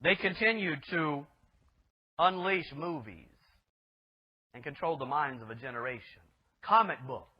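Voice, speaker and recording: High-voiced preaching man, lo-fi. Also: lively intonation, measured pace, pauses often, husky. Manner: emphatic preaching with rhetorical questions. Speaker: pastor. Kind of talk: sermon. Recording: dull lo-fi recording.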